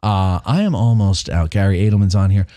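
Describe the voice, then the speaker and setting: A man's voice: low-pitched, fairly quick, no echo. A man hosting a casual talk show, teasing his guests and joking around. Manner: animated, teasing, plays soundboard clips. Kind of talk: casual studio chat.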